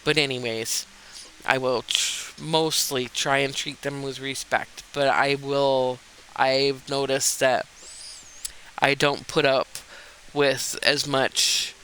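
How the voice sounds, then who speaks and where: A man's voice: mid-range voice, flat delivery, takes it slowly, sharp tone, a little hiss or hum, rough recording. A man chatting casually over a cleaning game, rambling through a story with restarts and frequent laughter. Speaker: gameplay streamer. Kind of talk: casual gameplay chat.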